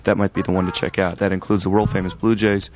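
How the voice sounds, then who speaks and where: A man's voice: sits low, level tone, fast, crowd noise. A man co-hosting a radio show, laying out the details with dry, wry asides. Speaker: radio co-host. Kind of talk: casual radio banter. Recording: slightly lo-fi radio audio.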